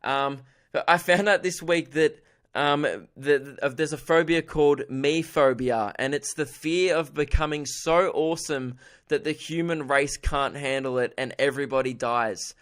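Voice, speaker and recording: A man's voice: a little high, fairly even intonation, unhurried, fairly bright tone. A young man hosting a solo comedy podcast, rambling in a goofy, self-mocking way and laughing at his own jokes. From Australia. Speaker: podcast host.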